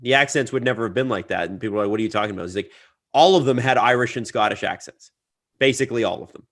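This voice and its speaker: Man co-hosting a podcast, easygoing storyteller, middle-pitched, laughs a lot. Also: racing, a bit bright. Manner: laid-back storyteller, laughs often. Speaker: podcast co-host. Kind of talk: casual chat.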